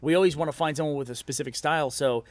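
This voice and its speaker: A man's voice: on the high side, rapid-fire, no echo. A man hosting a live stream, talking loosely and casually and laughing often. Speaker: livestream host.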